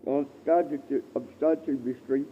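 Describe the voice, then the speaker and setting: A man rambling and halting through a casual livestream chat from a dark shed, often repeating himself and swearing. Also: medium pitch, steady tone, husky. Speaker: live streamer. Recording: tinny phone-like stream audio.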